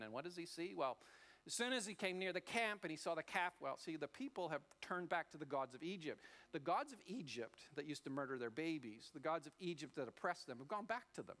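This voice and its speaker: A man preaching a sermon as a pastor, telling the story in a lively way and acting out the voices. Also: a little high. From Australia.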